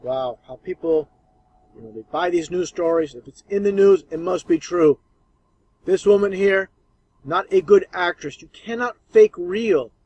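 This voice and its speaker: Scornful man with a bright, dry voice. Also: sits high, lively intonation, unhurried, no echo, highs cut off. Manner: scornful, emphatic. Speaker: commentator. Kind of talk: commentary over archive clips.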